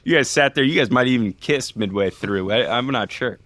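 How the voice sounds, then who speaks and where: A man's voice: mid-range voice, moderate pace, fairly bright tone, no echo. A man co-hosting a podcast, ribbing his co-hosts in casual chat. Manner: teasing, ribbing the other hosts. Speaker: podcast co-host, former walk-on.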